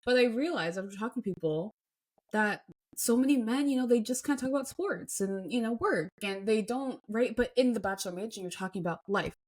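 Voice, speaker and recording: A woman's voice: fairly high pitch, a little fast. Young woman co-host, easygoing. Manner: relaxed, reflective talk with "you know" fillers. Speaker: podcast co-host. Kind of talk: casual chat.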